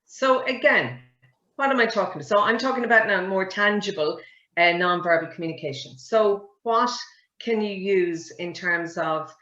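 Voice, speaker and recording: A woman, a communication coach giving a lively webinar lesson and quizzing her audience. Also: mid-range voice, normal speed. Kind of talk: webinar teaching. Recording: roomy, dull webinar audio.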